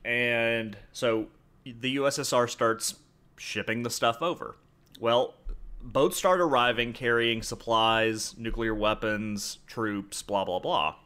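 A man's voice: medium pitch, fairly even intonation, slow, bright, forceful tone, clear, resonant tone. A young man co-hosting a podcast, chatty and full of "like" as he explains history. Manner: chatty, interjecting, uses "like" a lot. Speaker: podcast co-host. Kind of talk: casual history podcast chat.

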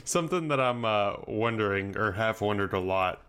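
A man's voice: fairly low pitch, expressive, normal speed, a bit bright, smooth. A young man co-hosting a casual history podcast, chiming in with blunt, wry remarks. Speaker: podcast co-host.

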